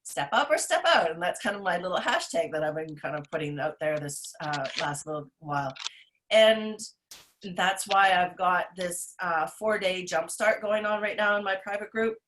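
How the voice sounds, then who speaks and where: Rambling middle-aged woman, lowish voice. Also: lively intonation, moderate pace, a bit bright. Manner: rambling and earnest, self-described rant; frequent fillers and restarts. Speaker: nutritionist and podcast co-host. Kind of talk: casual chat.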